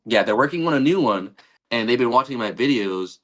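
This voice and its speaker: A man guesting on a live-streamed podcast, telling a casual story in an animated way, acting out what people said and swearing freely. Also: medium pitch, brisk, a crowd in the background. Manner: animated, retells scenes with quoted dialogue, swears casually. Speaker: podcast guest, game creator.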